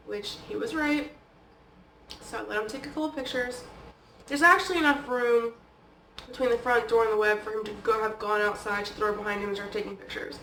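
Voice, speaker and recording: A woman vlogger with a somewhat high voice tells personal stories in a loose, conversational way. She keeps dropping "like" and "okay?" as she talks. She sits back from the mic in an echoey room with faint background noise. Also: steady tone, normal speed, fairly bright tone, recorded from a distance. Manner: chatty, peppered with "like" and "okay?". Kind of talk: casual personal storytelling.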